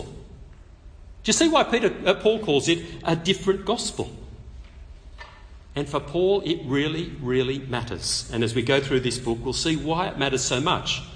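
A man preaching an expository sermon at a public meeting, conversational and animated, with touches of light humor. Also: a little high, a little slow. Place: meeting hall. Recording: long reverb of a meeting hall.

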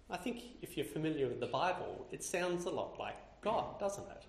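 Male preacher, raised pitch, lively delivery, roomy echoing sound, suits a church sermon read. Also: normal speed, gravelly, hardly any pauses, a little hiss or hum. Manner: expressive, building lists with rising intensity. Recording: roomy echo.

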